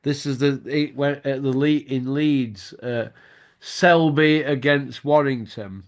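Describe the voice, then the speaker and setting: A man's voice: medium pitch, slow. A middle-aged man, hosting a boxing show and telling stories in casual chat, swearing freely and laughing as he goes.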